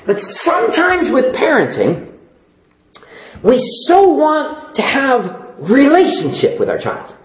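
A man's voice: very high-pitched, wildly swooping pitch, slow pace, echoey room, rough recording. A male pastor preaching a sermon, pleading and emphatic, repeating phrases for stress.

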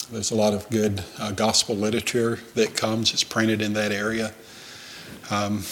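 A man with a Southern accent speaks to a congregation as a missionary. His voice is on the low side, and his talk is folksy and full of little fillers. A faint noise sits under the recording. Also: fairly bright tone. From Alabama, US. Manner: folksy, conversational, frequent "uh" fillers. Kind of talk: church presentation with Q&A.

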